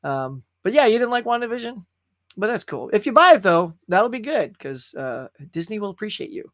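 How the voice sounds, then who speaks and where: A man chats casually as the host of a live stream, reading viewer comments and laughing as he goes. His pitch swings widely, full of bounce. The sound is dry and close, with no room around it. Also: very animated, fairly quick, a bit bright, no room sound. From California. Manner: chatty, laughing, reads chat comments aloud.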